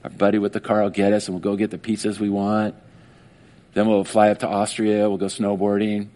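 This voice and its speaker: A male pastor preaching a casual sermon, animated and conversational, often acting out little quoted voices. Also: on the low side, fairly quick.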